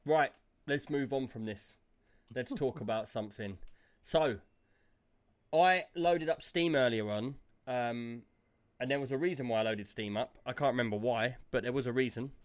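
A man's voice: medium pitch, moderate pace. A British man hosting a gaming podcast, blunt and teasing in casual chat. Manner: blunt, mocking banter. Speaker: podcast host.

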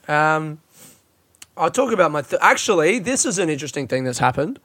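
Recorded on a phone in a friend's hot house, this young Australian man is a comedian doing a loose solo podcast, yawning with fatigue, cursing a lot and putting himself down. He sounds on the high side and expressive, quick and fairly bright, with no room sound.

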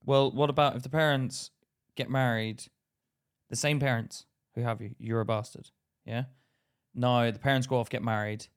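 A man's voice: medium pitch, fairly even intonation, normal speed, smooth. Guy cohosting a podcast, teasing and jokey, laughs a lot. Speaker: podcast co-host. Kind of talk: casual chat.

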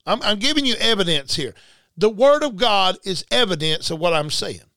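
Male preacher, clear, smooth high voice; emphatic, repeats himself, addresses the audience directly. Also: expressive, moderate pace, sharp tone, dry recording. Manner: emphatic and repetitive, talking straight to listeners. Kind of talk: livestreamed sermon.

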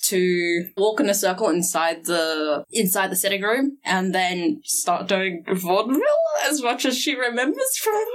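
A woman's voice: mid-range voice, big pitch swings, a little slow, few pauses, low-quality recording. A woman playing a tabletop role-playing game, switching between narrating her character and sly, playful haggling. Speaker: player.

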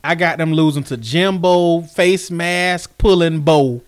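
A man's voice: on the high side, takes it slowly, smooth. A man co-hosting a sports podcast in casual chat, laughing often and trading playful trash talk. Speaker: podcast co-host.

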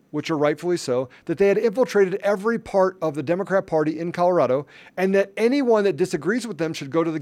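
A man hosting a podcast, delivering impassioned political commentary with emphatic, repeated phrases. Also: on the high side. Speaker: podcast host.

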